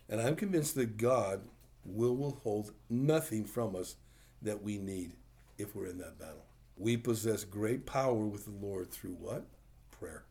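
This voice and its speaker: A pastor gives a relaxed, conversational sermon, often asking his listeners questions and answering them himself. His voice sits at a middle pitch with a warm, mellow tone. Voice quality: plain-spoken, uses rhetorical questions.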